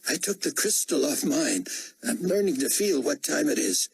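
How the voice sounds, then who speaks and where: Man voicing a fussy chatty executive, much higher voice, smooth tone, audiobook. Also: sing-song, moderate pace, full character voice. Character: fussy male executive fiddling with his watch.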